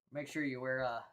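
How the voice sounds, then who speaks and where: A woman co-hosting a live horror movie review, chatting casually and laughing often between rambling remarks. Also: a bass voice.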